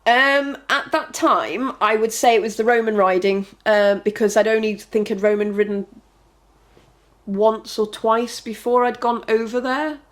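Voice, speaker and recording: A woman's voice: a little high, fairly even intonation, measured pace. A woman guest telling her story in a casual interview, chatty and rambling, with many fillers and restarts. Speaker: trick rider, podcast guest.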